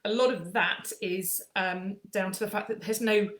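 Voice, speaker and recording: A woman chatting casually through a skincare explanation, often pausing on fillers and restarting. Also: mid-range voice, steady tone, reverberant. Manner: chatty, with frequent ums and restarts. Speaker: skincare aesthetician.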